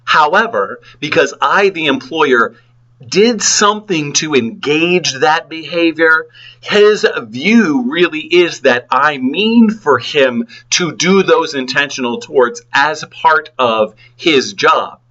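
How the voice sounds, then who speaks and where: Guy teaching a law class, bright tense voice, acts out his examples, kinda dull lo-fi audio. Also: a little high, slow. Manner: lively, acts out examples with sound effects. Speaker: law lecturer. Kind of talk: classroom lecture.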